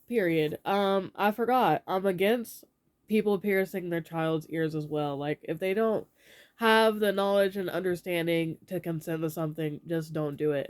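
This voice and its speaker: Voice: mid-range voice, clean tone. A young adult vlogger sharing opinions in a casual, rambling way, with lots of fillers.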